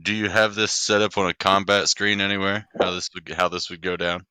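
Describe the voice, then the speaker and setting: A man playing a tabletop game, talking in a measured way with some fillers. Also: deep voice, little pitch movement, very noisy. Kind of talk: casual game table chat.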